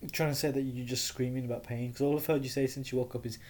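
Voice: medium pitch, steady tone, fast talker, a little mellow, slight background noise. A podcast co-host in casual chat, teasing and laughing often.

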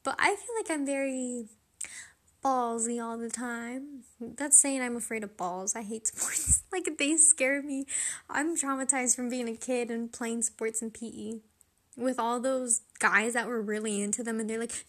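A woman's voice: a little high, a little slow, fairly bright tone. A young woman hosting her own podcast, talking casually and rambling through her thoughts, often questioning herself and laughing as she talks. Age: young adult. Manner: chatty, rambling, self-questioning. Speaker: podcast host. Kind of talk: casual solo podcast chat.

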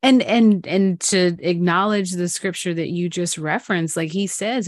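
Low-voiced woman hosting a faith talk. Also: unhurried, hardly any pauses, no echo. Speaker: podcast host. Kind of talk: faith-based conversation.

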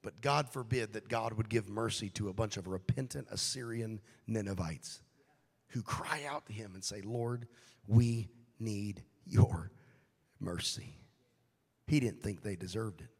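A man preaching a sermon as pastor, shifting from quiet, hushed passages to loud, shouted appeals, acting out the voices he quotes. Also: lowish voice, a little slow, vocal fry, slightly rough, long reverb tail. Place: church sanctuary.

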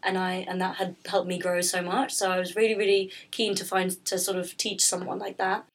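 Woman, husky, flat pitch, rambling casual interview talk, many fillers. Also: brisk. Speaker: pastry business founder, guest.

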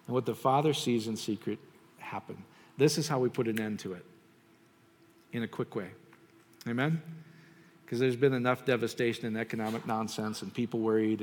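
Preacher, male, mid-pitched voice, animated then prayerful, long hall reverb. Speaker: pastor. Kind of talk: sermon.

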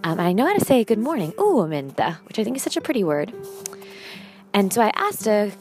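Lady rambling on a walk outside by a river, easygoing, thinks out loud, little bit of music in the back. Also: mid-range voice, very animated, brisk. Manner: chatty, musing aloud, self-correcting. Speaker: podcast host. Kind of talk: casual walking monologue. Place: outdoors by a river in snow.

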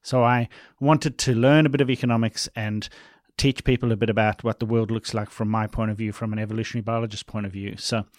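A man being interviewed as an evolutionary biologist, explaining his field in a steady, expansive way. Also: fairly low pitch, fast talker, no room sound, clean studio sound.

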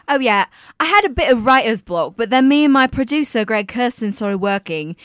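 A woman's voice: fairly high pitch, lively intonation, moderate pace, clean tone, no echo, close to an everyday voice. A blunt pop star with a London accent, put on by a woman. Her slightly raised voice moves a lot, and her talk is casual and slangy. Dry, close recording. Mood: chatty. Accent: London English, put on. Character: impression of a British female pop star, blunt and irritated. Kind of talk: comedy sketch.

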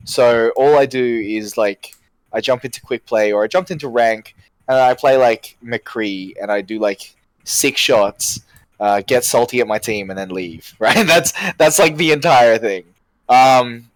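A man from Australia with an Australian accent, talking about games in an animated, rambling casual chat with lots of fillers. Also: medium pitch, moderate pace, dry recording.

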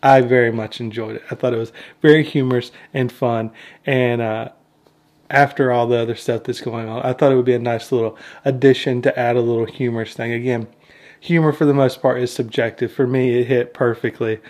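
A man's voice: mid-range voice, steady tone, a little fast, darkish tone. A man giving casual video commentary as a fan film reviewer, laid-back, with chuckling asides.

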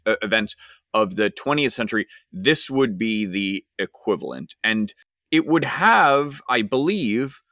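A man's voice: medium pitch, fairly bright tone, no echo, studio quality. A man hosting a podcast, telling a travel story wryly before moving into casual commentary. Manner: conversational, wry, with fillers and restarts. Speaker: podcast host.

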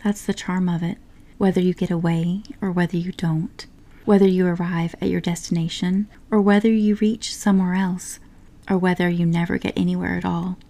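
A woman's voice: fairly low pitch, level tone, moderate pace, mellow, close to an everyday voice. A woman voicing a cheerful, boat-loving male water rat in a whispered role-play from a storybook, hearty and dreamy. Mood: easygoing. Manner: hearty, confident, dreamy about boats.

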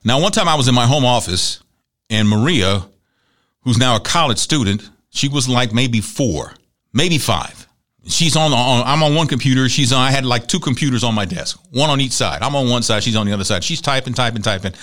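A middle-aged man hosting a talk show, telling stories in a chatty, animated way and acting out the people he quotes. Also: mid-range voice, brisk. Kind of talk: conversational monologue.

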